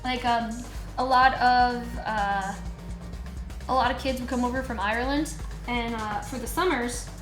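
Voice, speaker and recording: A woman hosting a livestream show in casual chat, excitable and jokey, laughing often. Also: on the high side, measured pace, echoey room, faint music behind. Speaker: host. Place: studio.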